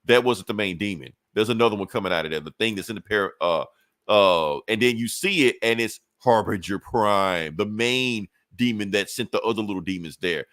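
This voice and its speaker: A man talks through a comic book plot in easy, rambling podcast chat. He swears often and leans on fillers. His voice sits a little low, and the sound is close and dry. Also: moderate pace, fairly bright tone, no room sound. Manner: loose, profane storytelling with frequent fillers. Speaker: podcast co-host. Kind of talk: casual comic book recap.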